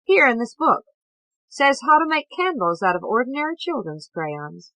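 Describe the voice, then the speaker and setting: A bluff, boastful middle-aged man, as a woman narrator puts him on, bursts out in clipped, old-fashioned slang. His voice climbs high and loud when he brags. The reading sounds dry and close. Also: very animated, moderate pace, no echo, exaggerated voice, low-quality recording. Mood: hearty.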